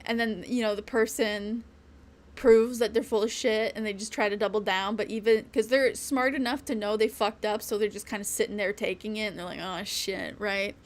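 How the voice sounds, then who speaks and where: A woman's voice: medium pitch, fairly even intonation, moderate pace. A woman streaming a game, ranting in casual chat, blunt and rambling, swearing often and laughing between lines. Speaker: VTuber streamer. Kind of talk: casual live-stream rant while gaming.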